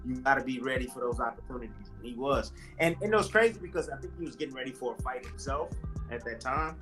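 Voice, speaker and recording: A man in an interview, retelling boxing stories in a casual, animated way and acting out what others said. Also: medium pitch, low-quality recording. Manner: animated, acts out quotes with voice jumps. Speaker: interview guest, retired boxer.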